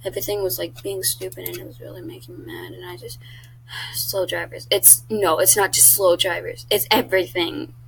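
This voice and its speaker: A woman's voice: fairly low pitch, flat delivery, normal speed, gravelly, husky, low-quality recording. A teenage girl chatting casually on her own vlog, blunt and talkative, swearing often. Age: teens. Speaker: YouTuber.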